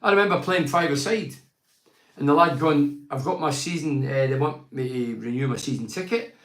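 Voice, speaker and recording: A man's voice: a little high, moderate pace. A man, giving a blunt, opinionated football match review and reading fan emails. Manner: blunt, ranting, quotes others in mock voices. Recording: echoey room.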